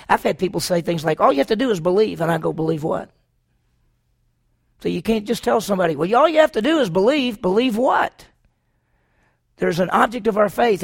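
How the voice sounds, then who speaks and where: A man's voice: sits high, creaky, slightly rough. A man preaching a sermon, driving his points home with repeated rhetorical questions to the congregation. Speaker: pastor.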